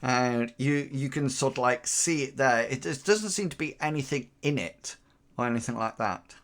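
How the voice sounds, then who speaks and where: A man's voice: medium pitch, normal speed. A man narrating as game master in a tabletop game, describing scenes with hesitant, filler-heavy phrasing.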